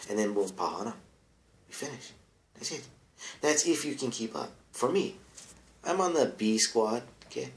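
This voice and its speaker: A man's voice: mid-range voice, sing-song, normal speed, echoey room. A man doing a rambling comic monologue as an advice-show persona, bro-ish in manner and trailing off into mumbled asides.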